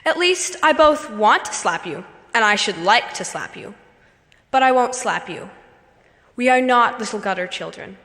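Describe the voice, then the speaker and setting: A kind young girl speaks in a steady, soothing voice, gentle but firm, played by a woman. Her fairly high tone carries through a hall with a long reverb. She stays composed and motherly. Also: normal speed.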